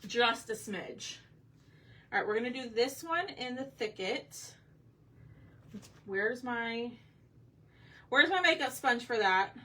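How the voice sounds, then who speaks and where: A woman's voice: on the high side, lively intonation, slow pace, pauses often, sharp tone, far from the mic. A woman hosting a craft livestream, chatting casually with her viewers while she paints. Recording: voice a bit off-mic with faint room noise.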